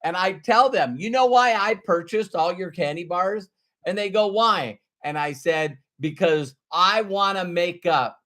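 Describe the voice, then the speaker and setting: Middle-aged man, sales trainer type; high voice, unhurried, earnest, hammers his points by repeating them. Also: fairly bright tone. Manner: earnest, emphatic, repeats key phrases. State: choked up with emotion. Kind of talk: motivational talk to camera.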